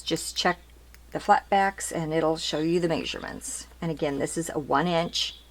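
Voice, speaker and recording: A woman's voice: deep voice, normal speed. A woman hosting her craft channel, chatting casually as she shows ribbons one by one and keeps asking if they're cute. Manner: chatty, repeats details, asks "aren't they cute?". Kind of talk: casual product show-and-tell.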